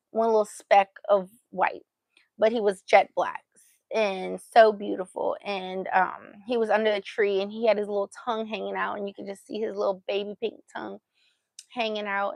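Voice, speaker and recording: A woman's voice: mid-range voice, creaky, no room sound. A woman vlogger telling a story in a casual, chatty way and acting out what she said at the time. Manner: chatty, acts out her own past remarks.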